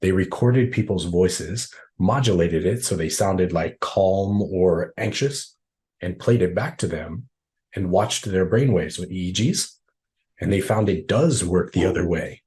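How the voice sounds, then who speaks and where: A man's voice: sits low, measured pace, darkish tone. A man trainer answering questions in a live online workshop, explaining conversationally and often checking in with "right?" over a video call.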